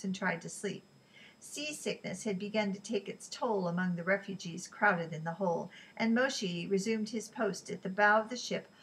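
A woman reading a novel aloud in an even, unhurried way, with small slips she corrects. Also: mid-range voice, slightly rough, poor audio. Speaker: reader.

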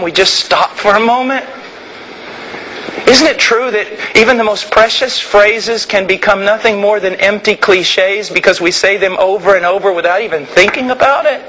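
A male preacher delivers an impassioned sermon, dropping low and slow before climbing into fervent shouts. His voice sits high and rings bright. A faint hiss runs underneath. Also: low-quality recording. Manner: impassioned, swings from quiet to shouting.

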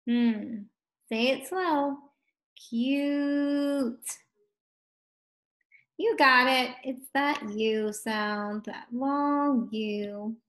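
A woman teaching a phonics lesson to first graders, slow and encouraging, stretching words out for the children. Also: a little high, fairly bright tone.

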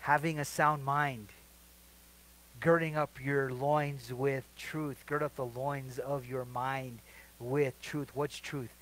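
A middle-aged male pastor leading a midweek Bible study sermon, asking the congregation to fill in verses and swinging between quiet asides and loud emphatic lines. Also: mid-range voice, steady tone, slow pace, poor audio. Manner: asks the congregation questions to fill in verses, then answers them.

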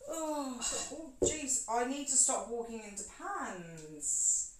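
A woman's voice: a little high, sing-song, slow. A woman chatting to her live-stream viewers while she cooks at home, joking about herself as she moves around the kitchen. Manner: chatty and self-mocking, talks to viewers while moving around. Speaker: cooking streamer. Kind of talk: casual live-stream chat while cooking. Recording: roomy kitchen, far from mic, background noise.

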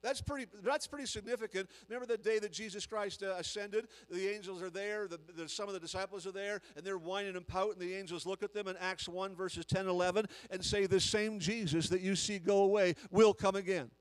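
Guest preacher, man, high-pitched, emphatic, repeats his points. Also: steady tone, fairly quick, hardly any pauses, long reverb tail, poor audio. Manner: emphatic, repetitive preaching with rising volume. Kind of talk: sermon.

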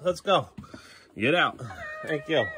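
Animated dad coaxing his kids. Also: on the high side, slow, very noisy. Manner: coaxing then firm with children, chatty asides to camera. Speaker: father. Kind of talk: family vlog narration while caring for kids. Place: home kitchen.

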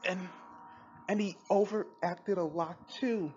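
Slow, sarcastic woman reviewing on a podcast. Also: on the low side, darkish tone, muffled recording, a little hiss or hum. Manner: blunt, sarcastic and exasperated. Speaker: podcast host. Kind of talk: opinionated review commentary.

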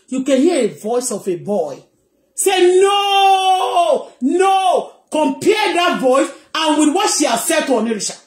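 Emphatic Nigerian woman, high voice. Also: reverberant, noisy background. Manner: emphatic, repetitive, keeps asking "you understand?". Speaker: celebrity gossip vlogger. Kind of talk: heated commentary.

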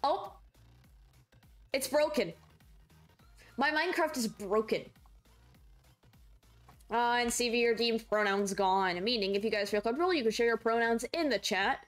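A woman streamer chatting casually with her viewers during a game livestream, rambling and excitable, quick to shriek and laugh. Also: a little high, faint music behind.

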